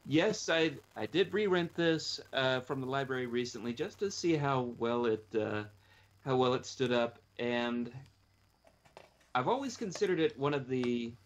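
A man's voice: medium pitch, expressive, unhurried, dull audio. A man hosting a casual movie chat, rambling and teasing with many restarts. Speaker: podcast host.

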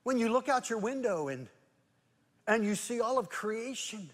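A man preaching a sermon as pastor, moving between loud emphatic rhetorical questions and soft, hushed prayer. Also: extremely high pitch, lively intonation, normal speed, long reverb tail. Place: church sanctuary.

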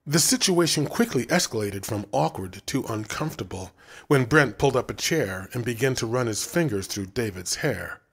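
Brief: male storyteller, mid pitch, very lively, dramatic reading. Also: moderate pace, breathy edge. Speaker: narrator. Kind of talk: audiobook narration.

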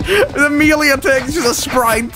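A man's voice: extremely high pitch, expressive, normal speed, over loud music. A man doing profane, mocking let's play commentary on bad games, laughing often. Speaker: streamer.

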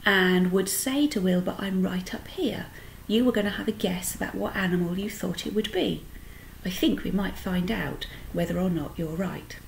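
Woman, storytime reader, gravelly voice, faint background hiss. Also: fairly low pitch, poor audio. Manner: explains words to children. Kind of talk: reading a children's book aloud.

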